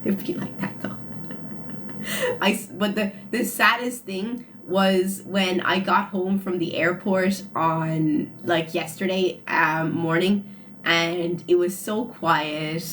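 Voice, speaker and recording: A woman's voice: fairly low pitch, fairly even intonation, takes it slowly, a bit bright, slight background noise. A young woman tells a story to her live chat on a phone. She talks casually and with animation, laughs often, and ends many sentences with "like". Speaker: livestreamer.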